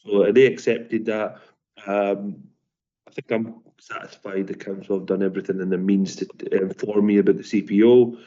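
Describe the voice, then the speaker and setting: Earnest man with a low, dark voice. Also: level tone, normal speed. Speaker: property owner, objector. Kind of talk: formal meeting remarks. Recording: dull lo-fi audio.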